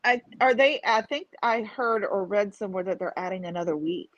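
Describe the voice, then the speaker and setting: A woman's voice: mid-range voice, a little fast, no echo, dull audio. A woman co-hosting a casual live stream, joining in with teasing, playful banter. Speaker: co-host.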